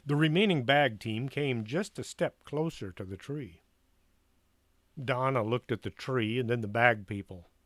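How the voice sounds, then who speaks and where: A man reading a storybook aloud in an expressive, animated way. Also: mid-range voice, unhurried, dry recording.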